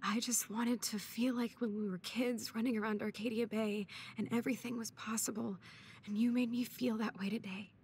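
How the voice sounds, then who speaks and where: A woman's voice: fairly high pitch, steady tone, moderate pace, slight background noise, natural voice. An actress voicing a rebellious teenage girl, now bedridden and fading, in a video game; she speaks weakly and breathily. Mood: somber. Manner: weak, breathy, soft-spoken.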